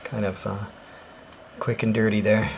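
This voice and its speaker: A man's voice: fairly low pitch, flat delivery, a little slow, creaky, noisy background. A man hosting a let's play, casually retelling game dialogue in his own loose words, full of fillers. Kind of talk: casual gameplay commentary. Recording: loud game music underneath.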